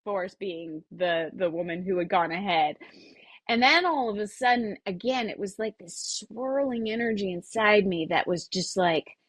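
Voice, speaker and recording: A woman's voice: mid-range voice, normal speed, no room sound. A middle-aged woman, a podcast guest, telling a personal story animatedly, laughing often and swearing freely. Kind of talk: casual storytelling.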